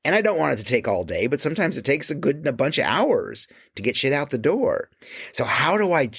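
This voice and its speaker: A man speaking as a creative coach in an emphatic motivational monologue, swearing casually and dropping to quiet low asides. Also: big pitch swings, fairly quick, breathy edge, no room sound, clean studio sound.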